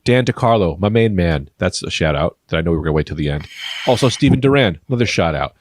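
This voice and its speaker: A man riffing through an improvised comedy podcast, rambling and deadpan-absurd, speaking into a studio microphone. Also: sits low, fast, dry recording. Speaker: podcast co-host.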